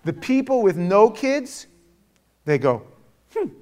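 A middle-aged man leading a casual parenting talk to a group, telling stories in a lively, animated way. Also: mid-range voice, moderate pace.

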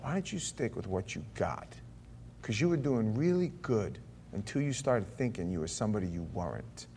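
A man in his fifties preaching a sermon in an animated way, acting out voices and asides. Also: fairly low pitch, moderate pace, slight background noise. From Florida. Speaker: pastor.

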